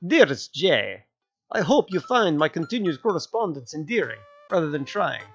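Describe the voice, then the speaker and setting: Streamer voicing a formal old-world gentleman, flowery and earnest. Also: fairly high pitch, sing-song, moderate pace, lo-fi sound, faint music behind. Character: formal, old-fashioned gothic man.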